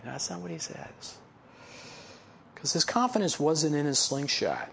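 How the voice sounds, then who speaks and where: A man's voice: fairly high pitch, lively intonation, normal speed, gravelly, a bit bright, a little hiss or hum. A male pastor giving a casual, story-filled sermon, teaching from a Bible passage with folksy asides and chuckles. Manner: conversational, folksy, laughs at own stories. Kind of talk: sermon with personal stories.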